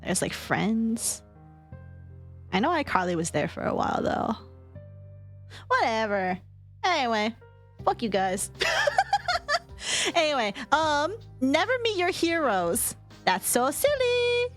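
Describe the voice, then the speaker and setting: Giggly young Californian woman, high lively voice. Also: measured pace, long pauses, faint music behind. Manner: giggly, laughs often, animated. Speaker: streamer. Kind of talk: casual stream commentary.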